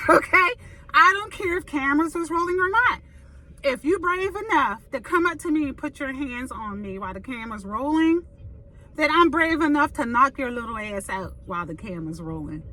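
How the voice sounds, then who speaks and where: A woman's voice: high voice, expressive, normal speed, bright, forceful tone, rough recording. Blunt, emphatic woman giving opinions. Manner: blunt, emphatic, repeats "okay?" to drive points. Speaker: commentary host. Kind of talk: opinionated casual commentary.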